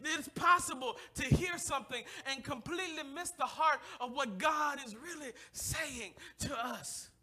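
Male pastor, high and sharp-toned, fervent sermon with shouts and hushed asides. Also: measured pace, few pauses. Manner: impassioned preaching, swinging from shouts to hushed near-whispers; calls on the congregation to respond. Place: church service, streamed live.

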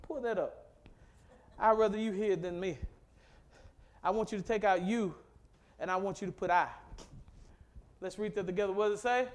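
A middle-aged pastor from Mississippi, preaching with call-and-response that swells from low and quiet to loud and fervent. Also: male voice. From Mississippi, USA. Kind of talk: sermon.

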